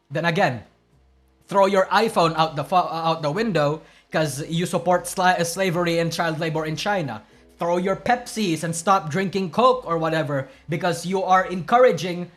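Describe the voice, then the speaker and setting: A man with a high-pitched, fairly bright voice is streaming casual reaction commentary. He gives blunt, profane opinions, rambling and restarting often.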